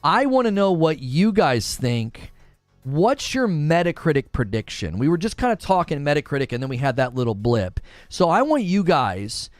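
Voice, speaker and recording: A man hosting a casual gaming livestream, chatting with viewers and reading their comments aloud in a quick, talkative way. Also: a little high, no room sound.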